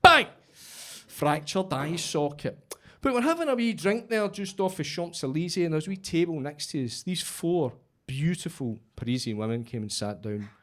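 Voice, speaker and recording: A man's voice: on the high side, expressive, normal speed, a bit bright. A middle-aged Scottish man doing a stand-up set, telling stories dryly and landing punchy punchlines. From Scotland. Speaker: stand-up comedian.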